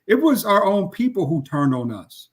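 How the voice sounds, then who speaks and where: A man on a discussion panel laying out his view in an earnest, deliberate way. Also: sits high, very animated, slightly rough. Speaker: panel guest. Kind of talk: casual discussion.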